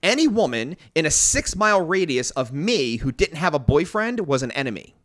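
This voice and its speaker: A man co-hosting a podcast, telling a crude story in casual chat, swearing a lot and acting out quotes loudly. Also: a little high, moderate pace. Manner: profane, animated, acts out quotes loudly. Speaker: podcast co-host.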